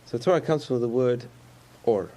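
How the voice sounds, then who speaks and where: A man's voice: medium pitch, normal speed, mellow. A man giving a conversational sermon about faith, repeating phrases and chuckling often.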